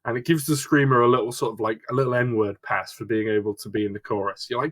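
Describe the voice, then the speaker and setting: A man's voice: medium pitch, steady tone, quick pace. A young man co-hosting a casual album review podcast, joking crudely and slipping into mock voices. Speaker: podcast co-host.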